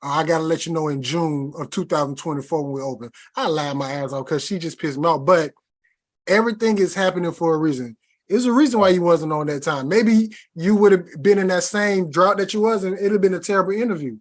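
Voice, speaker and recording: Man, podcast host; high voice, loose slangy chat, lots of restarts. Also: brisk.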